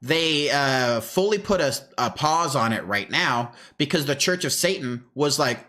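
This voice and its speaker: A man in casual chat, mid-pitched and opinionated. He lays out his arguments at length and slips into quick acted-out voices to make his points. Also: lively intonation, pushed and bright.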